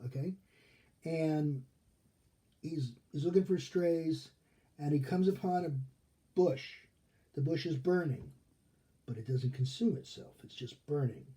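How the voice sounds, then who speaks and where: A male rabbi gives a casual Torah study lesson, talking conversationally and often checking in with "okay?". His fairly high, mellow voice is a little slow with frequent pauses, and he acts out the characters he quotes as he retells.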